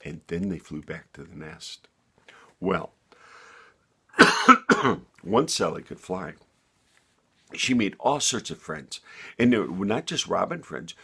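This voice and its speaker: A man telling a bedtime story in an animated, sing-song way. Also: low voice, creaky, slightly rough.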